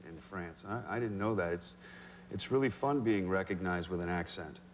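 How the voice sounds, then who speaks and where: A man appearing as an actor guest on a talk show, chatting in a relaxed, self-deprecating way. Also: low-pitched, normal speed, a little hiss or hum. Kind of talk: casual chat. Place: TV studio. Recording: TV studio with long reverb.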